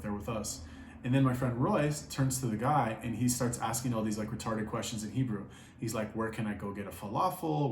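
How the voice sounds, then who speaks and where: A young man telling a story casually, rambling and swearing a lot, with many fillers. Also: medium pitch. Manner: profane, rambling, filler-heavy. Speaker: vlogger. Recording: echoey room, faint background noise.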